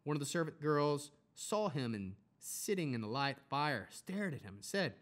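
A man reading scripture aloud, steady, with occasional self-corrections. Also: fairly high pitch, normal speed, hardly any pauses. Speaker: Bible reader.

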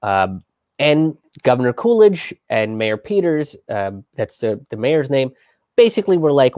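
A man's voice: mid-range voice, expressive, a little slow, a little mellow, no room sound. A man hosting a live history show, telling the story casually with many fillers, restarts and acted-out quotes. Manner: loose, chatty, many fillers and restarts, swears, acts out quotes. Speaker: host of a history and politics show.

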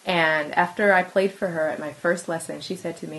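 Lowish-voiced woman explaining music, expressive. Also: a little fast, low-quality recording. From San Francisco Bay Area, US. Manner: expressive, laughs often between points. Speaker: pianist and music teacher, guest. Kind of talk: conversational explaining.

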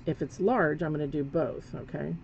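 A painting instructor chats during a live demonstration, correcting herself while she works. Her low voice has vocal fry and a darkish tone, at normal speed. The recording sounds dull and lo-fi, with faint background noise.

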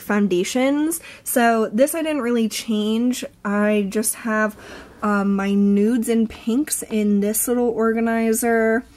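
A woman's voice: medium pitch, a little mellow. A young woman vlogging casually, showing her collection in a chatty way with many ums and likes. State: a bit out of breath. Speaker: beauty vlogger. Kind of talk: casual show-and-tell.

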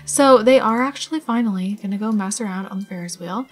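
A young woman hosting a gaming channel gives casual let's-play commentary on her life-sim game, chatty and gushing, full of "like" and "oh my god." Her mid-range voice moves fast with few pauses over soft background music.

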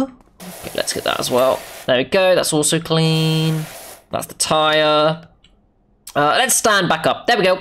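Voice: medium pitch, lively intonation, moderate pace, fairly bright tone, a little hiss or hum. A gamer giving playful let's-play commentary, goofy, talking to themself and humming silly tunes. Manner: goofy, talks to self, hums silly tunes.

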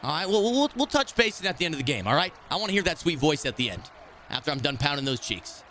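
A man streaming a football video game, commenting live in a brash, excitable, trash-talking way. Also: on the high side, fast, slight background noise.

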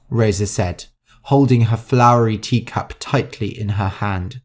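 A man narrating a story slowly and clearly for English learners. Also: lowish voice. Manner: slow, clear, expressive.

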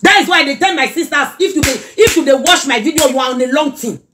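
A middle-aged Nigerian woman chatting casually in a reaction vlog, animated and scolding by turns. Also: sits high, fast, noisy background. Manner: animated, mixes pidgin and Yoruba, scolding asides. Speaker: social media commentator.

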